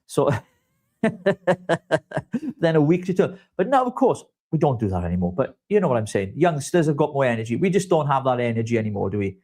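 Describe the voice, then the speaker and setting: A man hosting a live online chat show. He talks casually and jokes around, flattering his co-host as he goes. His voice sits at an ordinary middle pitch. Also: fast talker, hardly any pauses. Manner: chatty, jokey, flattering.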